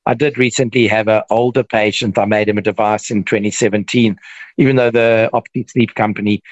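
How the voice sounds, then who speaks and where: A man with a South African accent, a dentist guest explaining treatment in relaxed, casual chat. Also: lowish voice, fairly quick, dry recording, muffled recording. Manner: relaxed, explains with examples and restarts.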